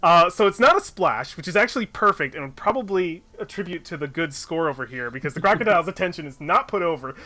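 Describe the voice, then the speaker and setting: Bright-voiced man running a tabletop game. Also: on the high side, animated, fast talker, few pauses. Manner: loose, rambling, filler-heavy. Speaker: game master.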